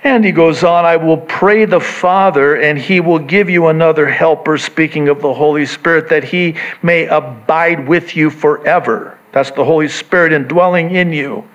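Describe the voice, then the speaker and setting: A man preaching a sermon in an animated way, acting out the voices he quotes. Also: a little high, moderate pace, hardly any pauses, lo-fi sound. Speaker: pastor.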